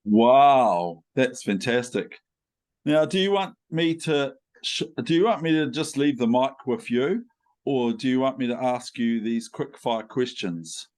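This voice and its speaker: A man's voice: mid-range voice, expressive, unhurried, a little mellow. A man with a New Zealand accent interviewing a guest in a playful, chatty way, wandering into asides. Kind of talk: casual interview chat.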